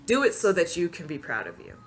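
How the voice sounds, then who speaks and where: A woman vlogger hosting her own channel, telling a personal story to camera in a casual, expressive way, laughing often and acting out what people said. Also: fairly low pitch, quick pace, soft background music.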